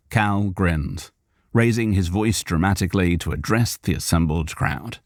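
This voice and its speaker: A man's voice: low-pitched, lively intonation, measured pace, no echo. A man narrating an audiobook live on a studio microphone, reading aloud and stopping to correct himself.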